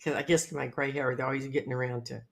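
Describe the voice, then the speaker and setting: A woman's voice: extremely low pitch, fairly even intonation, quick pace, gravelly. A woman in her seventies, a regular on her son's podcast, chatting casually, laughing often and teasing him. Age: 70s. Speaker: regular co-host, the host's mother. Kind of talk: casual chat.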